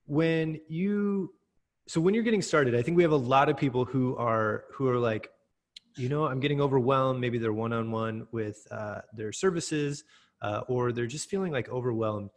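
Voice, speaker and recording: A man's voice: medium pitch, normal speed. Rambling American man hosting. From USA. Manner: rambling, hesitant, many fillers. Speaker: host. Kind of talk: casual interview chat.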